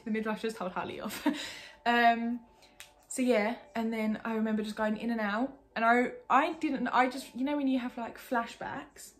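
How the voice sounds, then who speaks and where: A woman's voice: a little high, normal speed. A young woman from England telling a personal story in a casual, candid way, full of "like". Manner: chatty, lots of "like", candid and animated. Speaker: vlogger.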